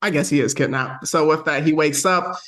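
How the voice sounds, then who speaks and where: A man co-hosting a podcast, recapping a movie plot in a rambling, excited way. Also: a little high, brisk. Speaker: podcast co-host. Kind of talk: casual movie review chat.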